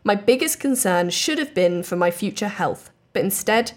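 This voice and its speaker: A woman's voice: mid-range voice, lively intonation, moderate pace. A woman co-hosting a podcast in casual chat, reading listener stories aloud and laughing easily. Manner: chatty storyteller, laughs easily. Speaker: podcast co-host.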